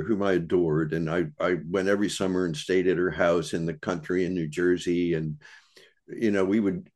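A man past middle age speaks in a very low voice, drifting through memories with pauses and self-corrections. He is a podcast guest in a relaxed, thoughtful conversation. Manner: meandering, thoughtful, with many restarts and pauses. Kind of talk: reflective storytelling conversation.

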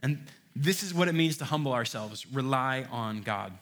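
A man preaching a sermon, emphatic and building to loud rhetorical questions, often repeating words as he starts a phrase. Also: medium pitch, expressive, moderate pace.

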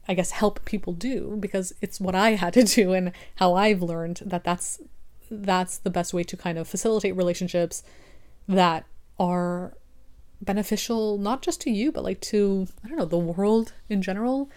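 A woman's voice: mid-range voice, normal speed, darkish tone. A young adult woman, an online creator, talking through her thoughts in a casual, rambling monologue full of restarts.

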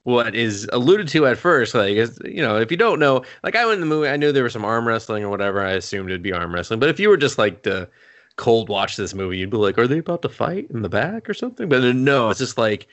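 A man's voice: mid-range voice, very animated, quick pace, fairly bright tone. A man co-hosting a casual chat about a movie, laughing often and quoting characters. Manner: laughing, chatty, quotes characters. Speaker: podcast co-host.

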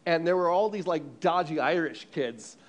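A man from the United States preaching an animated sermon, telling a story with frequent restarts and repeated words. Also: a little high, normal speed.

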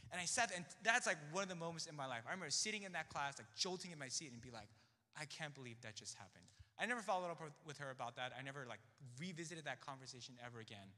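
A young man recounts a personal testimony in a chatty, storytelling way, slipping into the voices of the people he quotes. His voice is bright and sharp, a little high, and it swings widely in pitch. It carries a long hall reverb behind it. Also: quick pace. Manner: animated, chatty, acts out quoted dialogue. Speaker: speaker sharing a testimony.

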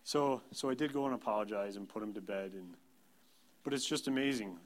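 Man preaching a relaxed sermon. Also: on the low side, a little fast. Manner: plain, conversational storytelling, self-deprecating. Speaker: pastor. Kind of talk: sermon with personal anecdotes.

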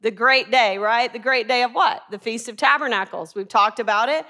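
A woman's voice: fairly high pitch, moderate pace, bright, forceful tone. A woman teaching a Bible class, asking the group questions and answering them herself.

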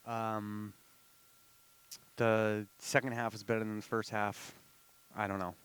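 A man's voice: on the low side, level tone, slow, a bit bright, smooth. A man co-hosting a podcast, talking casually in a laid-back, hesitant way that often trails off. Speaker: podcast co-host. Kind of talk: casual chat.

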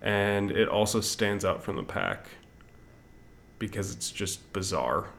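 A man in a casual awards chat, arguing his predictions in a measured way with frequent hedges. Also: fairly low pitch, lively intonation, gravelly, fairly bright tone. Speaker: podcast co-host.

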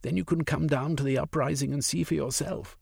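A man's voice: on the high side, fairly even intonation, brisk, gravelly, darkish tone, slightly rough, no room sound, clean studio sound, pitched above the performer's own voice. A man doing an impassioned young aristocrat. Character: passionate young male aristocrat turned radical.

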